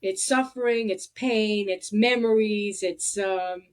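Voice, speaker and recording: A woman hosting a podcast, talking in a reflective, halting way with many restarts. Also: mid-range voice. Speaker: podcast host. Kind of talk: casual conversation.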